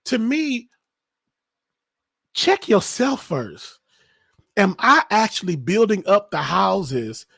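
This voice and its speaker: Passionate man with a gravelly, husky voice. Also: a little high, no echo, studio quality. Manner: impassioned, emphatic. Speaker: podcast host. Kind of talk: casual podcast discussion.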